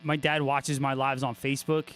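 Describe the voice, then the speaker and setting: A man's voice: mid-range voice, level tone, moderate pace, a bit bright. A man hosting a guitar livestream, chatting casually with viewers, joking, swearing freely and laughing a lot. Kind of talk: casual livestream chat, reading viewer comments.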